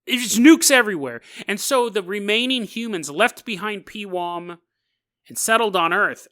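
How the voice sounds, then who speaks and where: A man's voice: high-pitched, animated, moderate pace, bright, forceful tone. A male podcast host retelling a strange story in a comedic way, full of jokey asides and chuckles. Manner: jokey asides, laughs through the telling.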